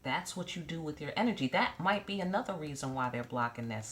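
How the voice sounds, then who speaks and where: Blunt low-voiced woman reading tarot. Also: expressive, fairly quick. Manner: blunt, profane, joking asides; repeats phrases, checks in with "okay?". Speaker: tarot reader. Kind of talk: casual tarot reading to camera.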